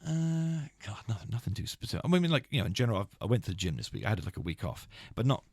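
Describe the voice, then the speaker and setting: A man's voice: big pitch swings, very fast, vocal fry, a little mellow, dry recording. A man in his thirties hosting a podcast in a studio, chatting casually in a rambling, self-mocking way. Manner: rambling, self-mocking, jumps into high silly impressions. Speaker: podcast host. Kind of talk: casual chat.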